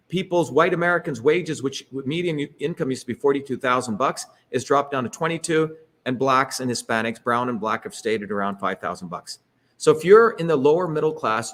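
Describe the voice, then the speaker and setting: A man's voice: medium pitch, a bit bright. A middle-aged man giving an emphatic, rhetorical public talk with slides, often checking in with "okay?" and "right?". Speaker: speaker leading a political talk.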